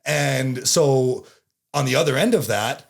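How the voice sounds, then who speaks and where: A man hosting a podcast in casual chat, animated and laughing often, with some swearing. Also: medium pitch, a little slow, creaky. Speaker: podcast host.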